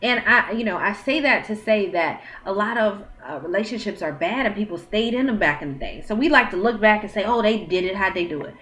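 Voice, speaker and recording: A woman's voice: medium pitch, fairly quick, hardly any pauses, bright, forceful tone. A woman in her thirties giving dating advice straight to camera at home, in a frank, chatty way. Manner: frank and chatty, with quoted dialogue and questions. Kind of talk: casual advice monologue. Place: at home, with her child nearby.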